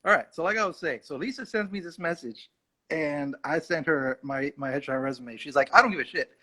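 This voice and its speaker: A man's voice: on the high side, moderate pace, pushed and bright. A male actor telling a rambling, self-mocking story in a casual livestream chat. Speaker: actor guest.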